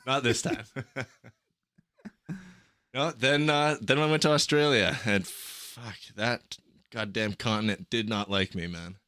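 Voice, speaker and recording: A man's voice: mid-range voice, steady tone, slow pace, bright, forceful tone, clean tone, no echo, clean studio sound. A young man telling travel stories on a podcast in a rambling, profane, casual way. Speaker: podcast guest.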